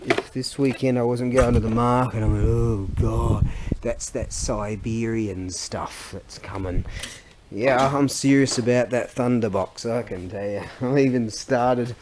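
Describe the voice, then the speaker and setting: A man's voice: medium pitch, noisy background. A middle-aged man, chatting casually and rambling in a vlog, often losing his thread and laughing. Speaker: vlogger and antiques seller.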